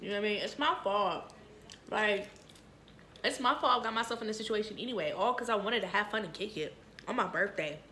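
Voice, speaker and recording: A woman's voice: mid-range voice, brisk, pushed and bright, slight background noise. A young woman vlogger telling a story casually while eating, candid and profane, full of filler phrases.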